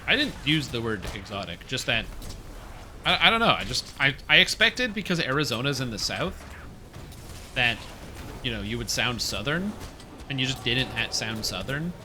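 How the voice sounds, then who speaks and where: Rambling, excitable man streaming a game. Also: mid-range voice, moderate pace, slight background noise. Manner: rambling, excitable, swears, talks with teammates. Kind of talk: casual live-stream gaming chat.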